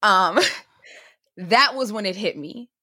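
A woman's voice: medium pitch, expressive, slow, bright, forceful tone, dry recording, studio quality. A young woman, a podcast guest, telling a personal story in casual chat and acting out the voices of the people in it. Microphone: remote call mic.

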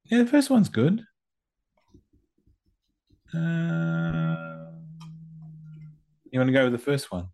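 A man co-judging a photo competition on a podcast, describing pictures in an easygoing way with many pauses and fillers. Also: on the high side, huge pitch swings, vocal fry, darkish tone. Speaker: co-judge. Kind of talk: casual chat.

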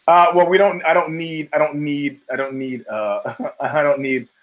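A man's voice: fairly high pitch, steady tone, normal speed, lo-fi sound. A middle-aged man hosting his own podcast, talking in a loose, digressive way with many fillers and restarts. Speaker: podcast host. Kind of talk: casual rambling commentary.

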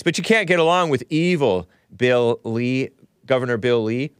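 A man's voice: medium pitch, lively intonation, moderate pace, clean tone, no echo, clean studio sound. Sarcastic ranting male podcast host. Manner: combative, sarcastic ranting with frequent restarts. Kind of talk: solo political commentary.

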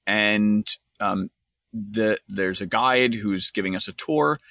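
A man's voice: lowish voice, slow, vocal fry, pushed and bright, no room sound, clean studio sound. A man hosting his own podcast, telling a wry story and then giving an earnest analysis in a solo monologue. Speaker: podcast host.

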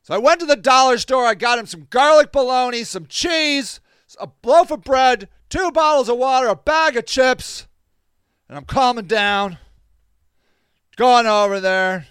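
Male podcast host, high and clear-voiced, animated and exasperated storyteller who swears freely, dry close sound. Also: a little slow, no echo. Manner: laughs between lines. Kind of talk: casual storytelling monologue.

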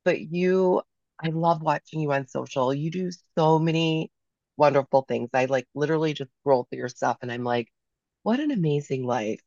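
A woman co-hosting a podcast interview, hoarse from a cold, gushing with praise in a casual chat. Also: low voice, normal speed, darkish tone, dry recording, highs cut off. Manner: effusive, gushing. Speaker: podcast co-host.

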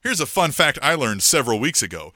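A middle-aged man co-hosting a podcast in casual chat, telling a story in an animated way and acting out what people said. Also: mid-range voice, fast, dry recording, studio quality. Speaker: podcast co-host.

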